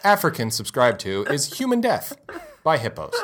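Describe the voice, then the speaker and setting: A man's voice: medium pitch, huge pitch swings, moderate pace, fairly bright tone. A man co-hosting a casual chat among friends, cracking dry jokes. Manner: joking, dry quips. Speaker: podcast co-host.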